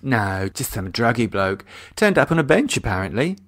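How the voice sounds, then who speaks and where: A man's voice: mid-range voice, big pitch swings, normal speed, fairly bright tone. A man doing a gossipy chatty woman.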